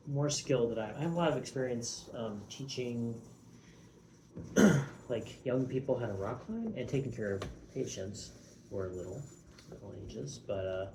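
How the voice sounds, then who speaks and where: A man's voice: mid-range voice, normal speed, noisy background. A young man, very tired, talking through a rambling, self-mocking and profane casual vlog at home. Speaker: vlogger.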